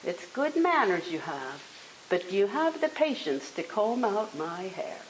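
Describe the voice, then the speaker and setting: A woman's voice: medium pitch, very animated, measured pace. A woman voicing a kindly old woman at a cottage in a homely, approving way. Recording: echoey room with faint hiss.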